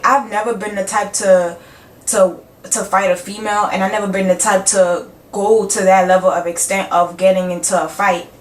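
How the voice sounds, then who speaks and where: A young woman in a casual storytime vlog, cursing freely and acting out both sides of each conversation. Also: medium pitch. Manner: animated, acts out both sides of dialogue, frequent cursing. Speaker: vlogger. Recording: roomy sound from a distant mic with faint background hum.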